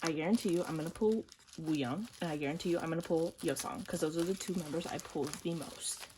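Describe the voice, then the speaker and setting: A woman chatting casually to camera while unboxing, excitable and prone to gasps and squeals, then dropping into quiet mumbles. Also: sits low, fast talker, noisy background. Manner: drops to quiet mumbles between outbursts. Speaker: vlogger unboxing albums.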